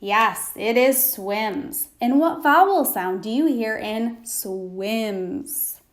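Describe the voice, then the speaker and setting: A woman teaching a phonics lesson to young children, pausing for answers and praising them. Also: on the high side, lively intonation. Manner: slow, patient, prompting pauses for answers.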